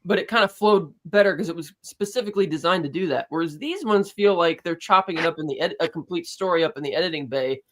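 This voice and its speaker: A co-host on a casual online panel discussion, chatting quickly and retelling scenes with acted-out quotes. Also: mid-range voice, fairly bright tone. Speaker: podcast co-host.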